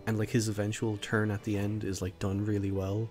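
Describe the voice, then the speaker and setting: A man's voice: fairly low pitch, flat delivery, a little fast, a little mellow, faint music behind. A man co-hosting a podcast in casual chat, talking emphatically and swearing freely. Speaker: podcast co-host.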